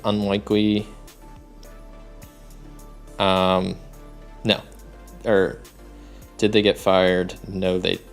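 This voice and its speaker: Low, gravelly male voice; easygoing solo game narrator who rambles and thinks aloud, soft music underneath. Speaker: solo game master and player.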